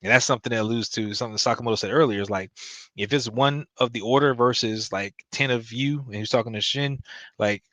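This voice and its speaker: A man giving a casual, slangy anime recap, retelling scenes with quick quoted asides. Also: mid-range voice, a bit bright, no echo.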